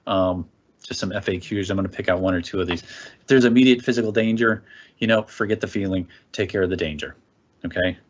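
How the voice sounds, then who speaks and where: A man's voice: low voice, a little fast, muffled recording. A man training parents in a casual presentation, talking conversationally and often checking in with "okay?".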